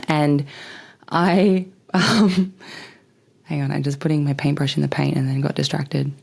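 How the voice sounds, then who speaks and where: A woman's voice: low voice, steady tone, normal speed, gravelly, darkish tone. A young woman hosting a podcast in casual chat, rambling and bubbly, laughing often and swearing freely. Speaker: podcast host.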